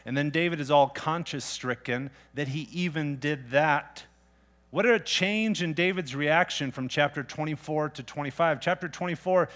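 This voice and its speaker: A pastor delivering a sermon in a relaxed, everyday way of talking. His voice sits a little higher than most men's. He poses direct questions to his listeners and retells scripture in casual words. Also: moderate pace. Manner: conversational, plain-spoken preaching with rhetorical questions.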